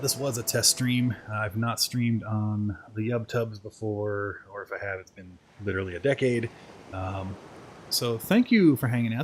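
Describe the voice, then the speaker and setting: A man's voice: mid-range voice, rough recording. A man chatting casually while live-streaming a video game, rambling through asides and poking fun at himself. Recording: game music playing clearly behind.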